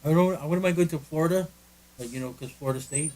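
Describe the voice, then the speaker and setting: A man's voice: fairly high pitch, fast, darkish tone, low-quality recording. A man co-hosting a casual podcast from a friend's living room, rambling and joking with lots of restarts. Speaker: podcast co-host. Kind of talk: casual chat.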